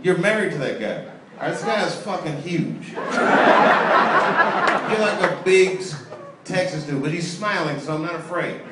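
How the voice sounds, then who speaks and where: A man's voice: on the high side, expressive, normal speed, long pauses, far from the mic, heavy background noise. A male stand-up comedian doing profane, teasing crowd work on a comedy club stage. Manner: profane, bantering, teasing audience members. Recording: echoey live club recording, loud crowd.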